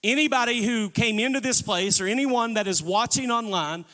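A man's voice: very high-pitched, normal speed, bright, forceful tone. A man preaching a sermon as pastor, calling on the congregation to respond. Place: church sanctuary. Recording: long church reverb.

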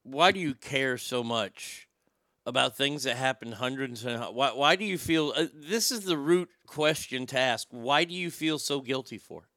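A man's voice: medium pitch, lively intonation, normal speed, pushed and bright, dry recording, studio quality. A man hosting a talk show, ranting bluntly and profanely, with frequent stammered restarts. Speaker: show host. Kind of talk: opinionated talk show rant.

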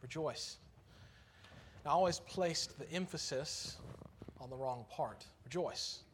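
A man with a fairly high voice preaches in a church, speaking earnestly and conversationally and leaning hard on key words. Faint room ambience sits softly behind him. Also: moderate pace, slight background noise. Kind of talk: sermon.

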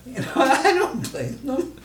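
An older man, a poet and teacher, talking casually in an animated, profane way and laughing often. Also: very high voice, unhurried, distant mic. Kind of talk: casual conversation. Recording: echoey room, off-mic, faint noise.

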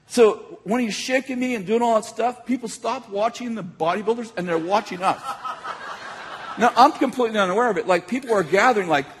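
A man preaching a sermon as an animated storyteller, laughing often as he tells a story to a hall audience. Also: high-pitched, fairly quick, background noise. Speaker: pastor. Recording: echoey hall.

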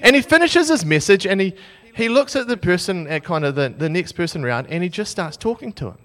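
Young guy preaching, high voice that jumps all over, telling a funny story on himself. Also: brisk. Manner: animated, self-mocking storyteller. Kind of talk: storytelling sermon.

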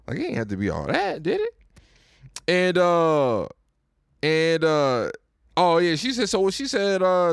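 A man's voice: a little high, huge pitch swings, normal speed, creaky, no echo, clean studio sound. A young man hosting his own podcast, ranting casually and profanely, often repeating himself. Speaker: podcast host. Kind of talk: casual rant.

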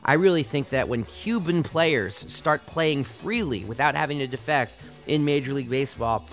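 A man's voice: medium pitch, expressive, normal speed, a bit bright, faint music behind. A man hosting a sports podcast, delivering passionate, argumentative commentary.

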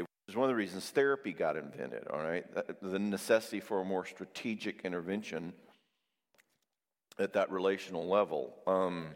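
A man with a low voice delivers a sermon in a loose, conversational way, acting out the quoted voices of the people he describes. The sound has a big-room quality.

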